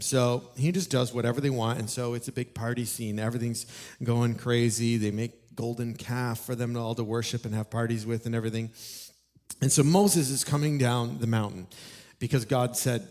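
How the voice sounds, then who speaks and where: A man preaching a sermon in a church, telling the story with animated energy and asking the congregation questions. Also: medium pitch, normal speed. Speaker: pastor. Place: church auditorium.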